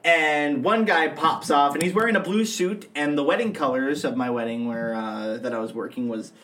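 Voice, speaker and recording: A man's voice: fairly high pitch, normal speed. A young man on a podcast, telling a story in a loose, casual way and acting out the people in it. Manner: animated, acts out voices in his stories. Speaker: podcast co-host and wedding MC.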